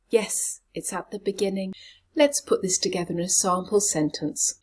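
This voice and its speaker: A woman who coaches pronunciation, giving a lesson and sounding out each syllable slowly and precisely. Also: on the low side, a little mellow, husky.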